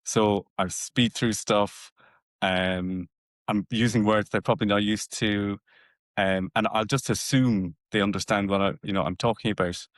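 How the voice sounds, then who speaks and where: A man's voice: lowish voice, steady tone, unhurried, dry recording, clean studio sound. A man from Cork with a Cork Irish accent, co-hosting a podcast in a reflective way, often restarting his words. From Cork, Ireland. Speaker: podcast co-host. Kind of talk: casual chat.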